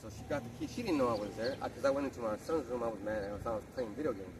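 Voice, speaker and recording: A man holds forth in a rough street-sermon style, blunt and profane and always driving his point home. He sounds set back from the microphone. Loud outdoor traffic noise rumbles around him. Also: racing, distant mic. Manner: emphatic and crude, heavy profanity. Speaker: lay preacher.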